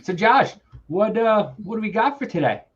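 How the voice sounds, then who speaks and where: A man's voice: high voice, sing-song, normal speed, breathy edge, muffled recording. A man from the New York metro area co-hosting a casual podcast chat, joking and laughing often. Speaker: podcast co-host.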